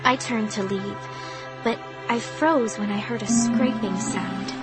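Woman audiobook narrator, unhurried and suspenseful, mid pitch; music bed behind. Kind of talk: first-person audiobook narration.

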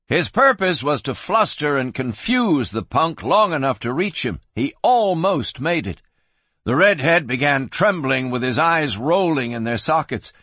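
A man narrating a western audiobook with expressive storytelling, slowing for tense moments. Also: fairly high pitch, husky, no echo.

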